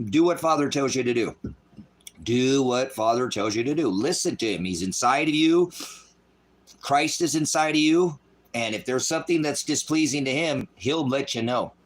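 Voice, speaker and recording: A middle-aged man preaching in an angry, profane livestream style, voice swinging loud. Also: medium pitch. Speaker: street preacher.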